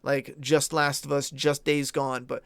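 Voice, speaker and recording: Smooth-voiced man in loose, profane chat. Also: mid-range voice, little pitch movement, measured pace, fairly bright tone, dry recording. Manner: rambling, profane and candid. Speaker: YouTube streamer. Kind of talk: casual livestream chat.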